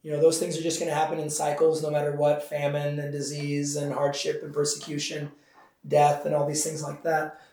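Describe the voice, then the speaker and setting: Pastor teaching a class in an echoey room. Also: male voice, on the high side, monotone, brisk, darkish tone. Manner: conversational, with many fillers and asides to the class. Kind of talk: informal Bible study teaching. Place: church classroom. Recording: echoey room, mic far off.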